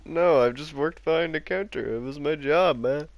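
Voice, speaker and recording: A man's voice: fairly high pitch, normal speed, no echo. Laid-back dry-voiced man. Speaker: podcast co-host. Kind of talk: casual chat.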